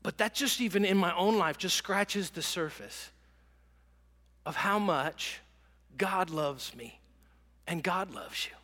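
A man's voice: high voice, slow, long pauses, pushed and bright, in a large hall. A middle-aged man giving a sermon as a pastor, telling stories conversationally with many fillers and restarts. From American South.

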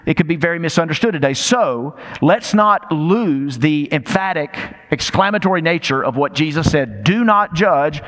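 A man's voice: fairly high pitch, a bit bright. Older man preaching in a reverberant hall. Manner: emphatic, conversational preaching with rhetorical questions and repetition. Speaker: pastor. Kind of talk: sermon. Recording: long reverb of a large hall.

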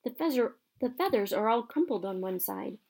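A woman's voice: on the high side, lively intonation, normal speed, vocal fry, darkish tone. Earnest young boy wizard in a storybook reading , a woman voicing him; urgent, calls out.

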